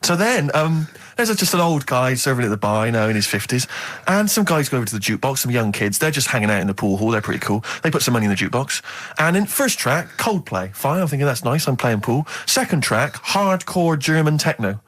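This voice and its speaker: A man co-hosting a radio show, telling a comic story in an animated, halting way with sound effects, into a studio mic. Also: mid-range voice. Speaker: radio co-host.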